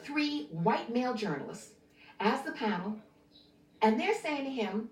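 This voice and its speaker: A woman with a higher voice talks in an animated, conversational way for a documentary interview. Her voice is roomy and sits a little back from the mic. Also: measured pace, distant mic. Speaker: commentator interviewee.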